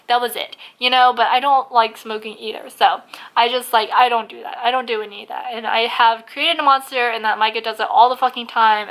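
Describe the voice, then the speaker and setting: A woman's voice: fairly high pitch, a bit bright. A woman ranting in a casual vlog, blunt and full of swearing, who says she is losing her voice. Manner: blunt, swears a lot, heavy use of "like". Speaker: vlogger.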